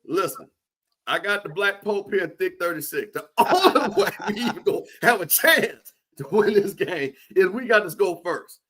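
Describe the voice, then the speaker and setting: A man's voice: high-pitched, moderate pace. A man joking and trash-talking in casual sports banter. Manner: joking, animated, Southern Black vernacular. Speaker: co-host.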